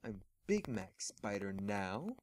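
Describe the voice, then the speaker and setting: A gentle, polite big male pony turned spider speaks in a fan fiction read-aloud, voiced by a man in a voice close to his own. The delivery is low-pitched and unhurried. The recording is dry and close. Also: very animated, no echo. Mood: earnest. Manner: read plainly, without his usual put-on voice.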